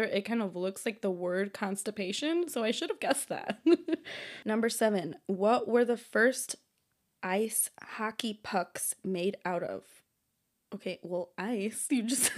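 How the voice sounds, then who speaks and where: A young woman vlogging alone through a quiz, chatting casually to viewers, thinking out loud, stumbling over hard words and often breaking into giggles. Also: medium pitch. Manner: giggly, bursts into loud laughter. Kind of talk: casual chat to camera.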